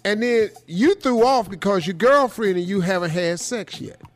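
A man hosting a show, giving comedic advice commentary in an animated, teasing, streetwise style. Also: sits high, normal speed, soft background music. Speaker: radio show host.

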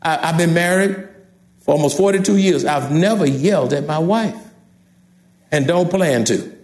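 A man's voice: on the high side, moderate pace, darkish tone, a little hiss or hum. A man in his sixties with a Texan accent, preaching an emphatic sermon from the pulpit and repeating key phrases straight to the congregation. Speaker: pastor. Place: church sanctuary. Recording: echoey church sanctuary.

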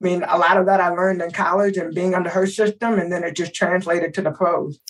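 A middle-aged woman from Texas telling a lively story in casual chat, acting out the voices of people in it. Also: fairly low pitch, a little fast, distant mic, rough recording. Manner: animated, acts out voices in her story. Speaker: guest.

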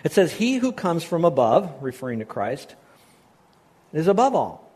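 A man's voice: on the high side, very animated, normal speed, a little mellow, breathy edge. A man preaching a sermon in a conversational way, often putting questions to his congregation. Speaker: pastor.

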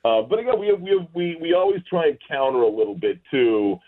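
A man appearing as a guest on a talk show, speaking haltingly with many fillers and restarts. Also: on the high side, animated. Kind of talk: casual chat. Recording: tinny phone line.

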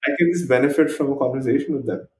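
A man hosting a podcast interview. He talks in a calm, reflective way, agrees readily and sums up his guest's points for listeners. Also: medium pitch, racing. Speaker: podcast host. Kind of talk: casual interview conversation. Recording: echoey room with faint music.

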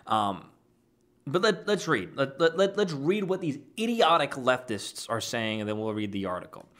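A man's voice: mid-range voice, a bit bright. A man giving an argumentative, dismissive reaction as an online commentator, reacting to a clip and reading posts aloud.

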